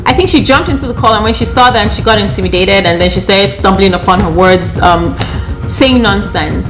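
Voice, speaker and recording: Young woman, storytime vlogger, middle pitch, animated, exasperated, slangy, faint music behind. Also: normal speed. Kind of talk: casual storytime monologue.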